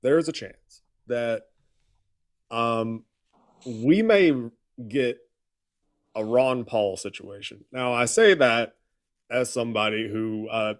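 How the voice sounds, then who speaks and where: A man co-hosting a casual politics livestream, explaining things in a halting way with many fillers. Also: mid-range voice. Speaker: livestream co-host.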